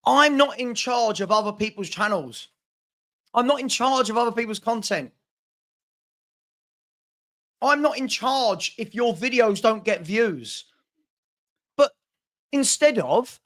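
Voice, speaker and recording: A man with a fairly high-pitched voice who sounds frustrated and agitated. He stammers, restarts his sentences, and repeats the same lines over and over as he vents on his own chat show. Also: expressive, a little slow, a bit bright. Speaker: fan channel host. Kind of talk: heated live chat.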